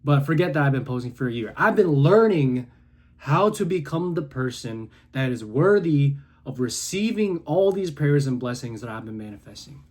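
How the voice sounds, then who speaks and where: A man in his early twenties giving an intense, preachy motivational monologue to camera in his room, swinging from quiet to loud. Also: mid-range voice, animated, moderate pace, few pauses. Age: 20s. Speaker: content creator.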